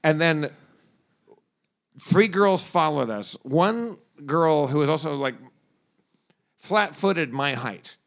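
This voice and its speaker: A man's voice: on the high side, animated, takes it slowly, gravelly, pauses often. Stammering, profane man telling stories. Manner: rambling, profane, stammering restarts. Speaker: podcast co-host. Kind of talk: casual comedic storytelling.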